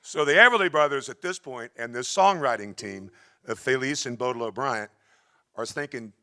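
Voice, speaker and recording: A man's voice: medium pitch, expressive, moderate pace, pushed and bright. A male singer hosting a benefit concert on a theatre stage, chatting folksily about music history between songs. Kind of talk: storytelling patter between songs.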